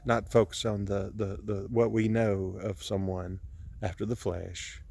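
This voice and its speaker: A man's voice: fairly low pitch, flat delivery, gravelly, darkish tone. A grieving man films himself outdoors on his property, talking in an earnest, preachy way that halts and restarts often. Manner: halting, with many restarts. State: grieving, emotional. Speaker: vlogger sharing a personal message. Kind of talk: emotional preachy monologue. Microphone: camera he films himself with.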